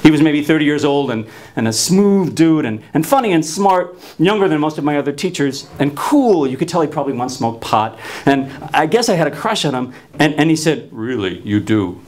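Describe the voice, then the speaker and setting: A man's voice: on the high side, animated, brisk, a little mellow. A man in his fifties from New Jersey telling a personal story wryly, with frequent stuttered restarts. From New Jersey, USA.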